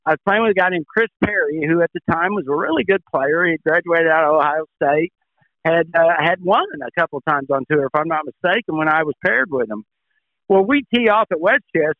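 An older man and former tour pro, a show regular, telling a folksy, animated story in casual chat. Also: a little high, brisk, no room sound. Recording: tinny phone line.

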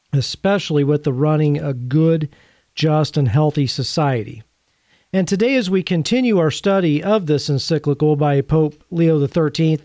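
A man's voice: fairly high pitch, warm tone, no room sound. A man presenting a Catholic teaching series, speaking in an earnest, conversational way with dryly sarcastic asides. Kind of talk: teaching talk to camera.

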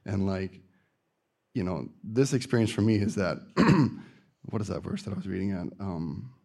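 A man with a fairly low voice shares a personal testimony. His delivery is casual and earnest, full of fillers and loose restarts. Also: animated, moderate pace, gravelly, mellow.

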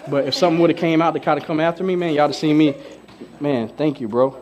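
A young man gives a loose, storytelling sermon with slang and humor. His voice sits a bit high for a man, and he acts out both sides of conversations with lots of energy. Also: fast talker, dull audio. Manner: animated, joking storyteller with slang, acts out dialogues. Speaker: pastor. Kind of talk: casual sermon.

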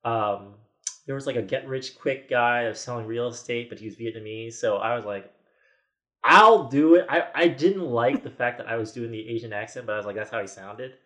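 A man in his forties, a podcast guest, tells a story in a medium-pitched, slightly bright voice at a somewhat quick pace. He rambles in a casual, chatty way, often restarting and circling back with quoted asides about what people said.

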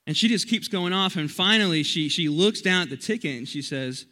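This is a young man preaching to students at a church youth service. His voice sits high and rings brightly. He is energetic and chatty, and he often restarts his sentences as he tells his stories. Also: brisk, few pauses. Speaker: youth pastor. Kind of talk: youth sermon with storytelling.

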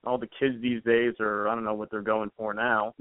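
A man's voice: lowish voice, level tone. Male guest, hesitant casual talker, phone-line sound, no room echo. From New Jersey. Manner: halting, many fillers and restarts. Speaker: podcast guest. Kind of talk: casual chat. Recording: tinny phone-like sound, dry.

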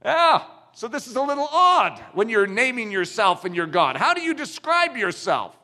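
A male pastor preaching with a high, bright voice that leaps up and down in pitch. He speaks with emphatic energy and keeps asking his listeners questions. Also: big pitch swings, normal speed. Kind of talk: sermon.

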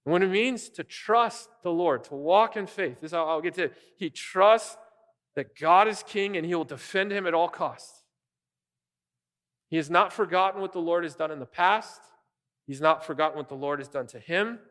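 A man preaching an earnest, animated sermon as pastor, often restarting his phrases. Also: high-pitched, moderate pace, in a large hall.

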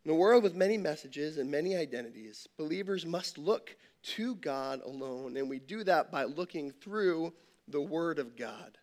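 High-voiced man preaching a sermon. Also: expressive, normal speed, darkish tone. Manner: conversational preaching, tells a joke with rhetorical questions. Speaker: campus pastor.

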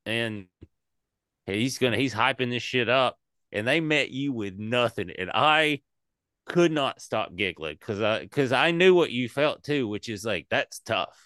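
A man's voice: medium pitch, measured pace, clean tone, no room sound, clean studio sound. A man co-hosting a podcast, rambling and swearing in casual chat about comedy shows. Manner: rambling, animated, swears a lot.

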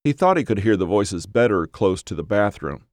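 A man narrating an audiobook story in a measured storytelling manner. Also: lowish voice, lively intonation, darkish tone, no echo, studio quality.

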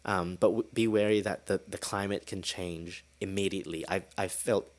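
A man hosting a solo podcast, telling a story in a casual, animated way and swearing freely. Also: low voice, moderate pace. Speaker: podcast host.

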